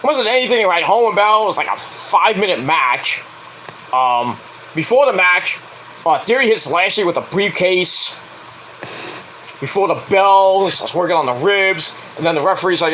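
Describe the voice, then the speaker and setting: A man's voice: sits high, animated, normal speed, pushed and bright, slight background noise, poor audio. A man casually recapping a wrestling event in a blunt, profane way, now and then acting out quotes in mocking voices. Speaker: wrestling show reviewer.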